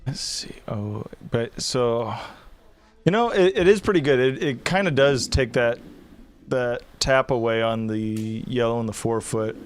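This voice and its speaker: A man's voice: mid-range voice, measured pace, slight background noise. A man giving live curling commentary, joking and hyping events up like mock breaking news. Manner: playful, mock-dramatic breaking-news hype.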